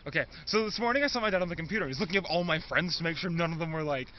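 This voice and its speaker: A high-pitched teenage boy rushes through an improvised comedy story, stuffing it with fillers and bursting into shouts for the lines he quotes. The recording is dull and lo-fi, with clear noise underneath. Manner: fast filler-heavy telling with laughs, shouted quotes.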